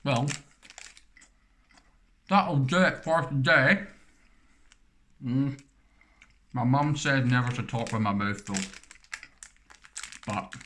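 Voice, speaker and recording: Bright-voiced man reviewing snacks. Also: mid-range voice, a little hiss or hum. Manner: rambling, self-deprecating chat while eating. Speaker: snack reviewer, channel host. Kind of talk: casual food review vlog.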